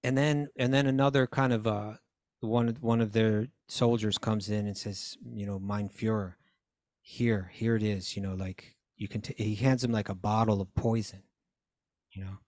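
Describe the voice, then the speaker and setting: A man's voice: fairly low pitch, fairly even intonation, normal speed, darkish tone, no room sound, clean studio sound. A man casually retelling a story on a talk show, acting out the voices and laughs of the characters as he goes. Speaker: podcast co-host.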